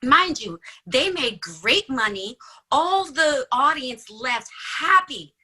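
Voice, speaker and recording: A woman's voice: high-pitched, slow, husky, low-quality recording. A woman guest in a podcast interview, telling a story conversationally and acting out the dialogue she quotes. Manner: animated, acts out quoted dialogue.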